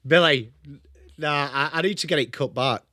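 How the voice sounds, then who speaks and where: Excitable English man hosting live stream. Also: on the high side, measured pace, dry recording, clean studio sound. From England. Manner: chatty, greets chat viewers by name, excitable. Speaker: livestream host. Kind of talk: live sports watchalong chat.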